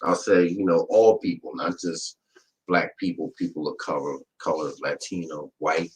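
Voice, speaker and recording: A man with a fairly low voice chatting in a laid-back, halting way, often repeating himself. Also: steady tone, slight background noise, poor audio. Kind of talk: casual chat.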